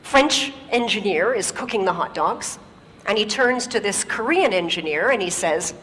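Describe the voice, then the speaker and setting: A woman and native English speaker giving a lively, humorous talk on stage, often turning to the audience with questions. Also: medium pitch, normal speed, long reverb tail, slight background noise. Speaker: conference speaker. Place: large auditorium.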